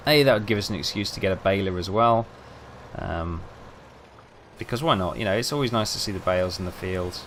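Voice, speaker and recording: A young man chats casually over gameplay, telling rambling, self-mocking stories. His voice sits fairly low, and a faint hiss hums behind it. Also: brisk, a bit bright. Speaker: gaming video host.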